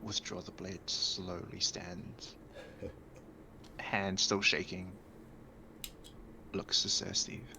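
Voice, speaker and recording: A man playing a tabletop role-playing game, describing his character's actions gravely with many hesitant fillers. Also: low-pitched, little pitch movement, drawn-out words, pauses often, noisy background. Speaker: player.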